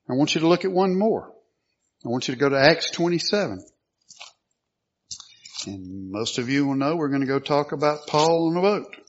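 Male preacher, slightly raised pitch, muffled lo-fi recording; reads scripture and asks questions, clears his throat often. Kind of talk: sermon. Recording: dull lo-fi sound.

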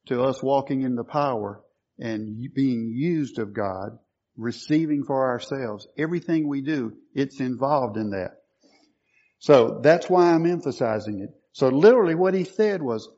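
A man's voice: medium pitch, animated, normal speed, darkish tone, lo-fi sound. A man preaching a sermon, quoting scripture and stressing key words emphatically.

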